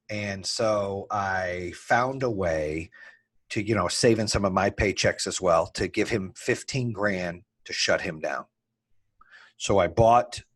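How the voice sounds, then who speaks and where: Husky man telling a candid business story. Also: lowish voice. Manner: animated, swears casually, acts out both sides of conversations. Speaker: entrepreneur guest telling his story.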